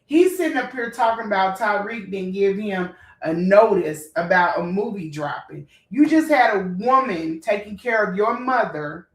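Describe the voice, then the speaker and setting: A woman's voice: mid-range voice, animated, normal speed, few pauses, far from the mic. Fired-up woman ranting in an echoey room. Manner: blunt, profane, emotional, talks straight to viewers. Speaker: vlogger. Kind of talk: heated storytime rant.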